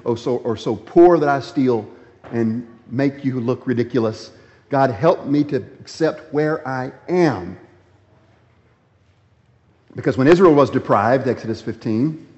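A preacher delivering a sermon, his voice sitting a little high for a man. He acts out the grumbling of a crowd in a raised voice, then sinks into quiet, low asides. The recording is dull and lo-fi, with a long reverb from a big hall.

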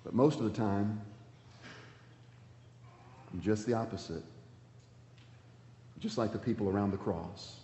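A man preaching a sermon, with emphatic delivery that swings between loud calls and hushed words. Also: on the low side, a little slow, long pauses, slight background noise. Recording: dull, echoey hall sound.

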